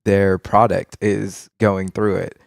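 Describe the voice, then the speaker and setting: Male guest voice, flat and gravelly, deliberate explaining. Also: sits low, dry recording, studio quality. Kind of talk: podcast conversation.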